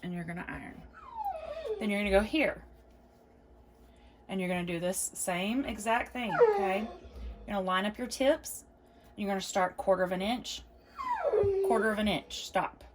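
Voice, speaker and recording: This quilting video host speaks at a medium pitch and moderate pace, expressive and often pausing, over a very noisy background. Chatty and encouraging, she walks through each instruction and repeats it to reassure her audience.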